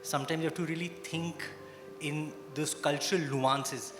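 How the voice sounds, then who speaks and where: A man's voice: a little high, fairly even intonation, normal speed. A man moderating a conference panel, asking probing questions to steer the discussion. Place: conference hall. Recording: echoey hall with music.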